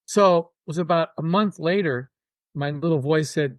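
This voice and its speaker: An older man speaking as an interview guest, his voice sitting somewhat high for a man. He tells his stories with animation and slips into other people's voices as he recounts them. The sound is dry and close, with almost no room around it. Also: moderate pace, dry recording. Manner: animated, acts out quoted voices. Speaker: guest musician. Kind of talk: casual interview storytelling.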